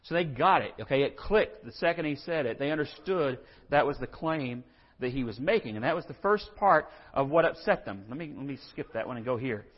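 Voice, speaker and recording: A pastor preaching a sermon in a conversational way, asking rhetorical questions and acting out quotes. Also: male voice, medium pitch, lively intonation, fairly quick. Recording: dull audio in a hall with long reverb.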